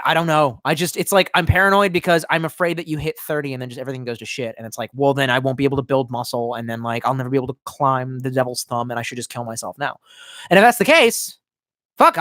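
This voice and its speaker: This live streamer, a man in his twenties, rambles and swears without letup while reading out chat comments, alternating loud bursts with mumbling and sounding intoxicated. He talks fast at a medium pitch, captured in clean studio sound without echo.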